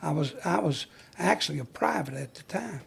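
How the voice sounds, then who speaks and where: A man's voice: a little high, animated, normal speed, creaky, a little hiss or hum. An older man, a retired fire chief, telling stories in an interview in a folksy way and acting out the voices of the people he recalls. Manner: folksy storyteller who acts out the dialogue he recalls. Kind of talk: storytelling interview.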